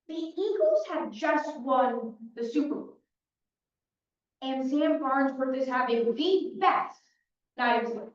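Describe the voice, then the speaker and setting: A woman's voice: high voice, expressive, slow pace. A young woman giving a dramatic opening statement as defense attorney in a mock trial, telling the story in punchy short sentences. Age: young adult. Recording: dull, echoey hall from far off.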